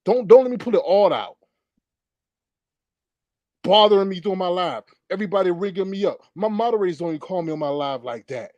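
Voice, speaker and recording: A man's voice: high voice, animated, brisk, pauses often, darkish tone, no room sound, muffled recording. A man hosting a livestream, angrily ranting in a profane, repetitive way. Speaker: livestream host. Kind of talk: heated livestream rant.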